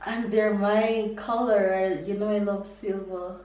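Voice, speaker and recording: A young woman chatting casually as a vlogger, gushing and excitable. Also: mid-range voice, slow pace, reverberant. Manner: bubbly, gushing, squealing with excitement. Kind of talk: casual vlog chat. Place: home, then outdoors in a town.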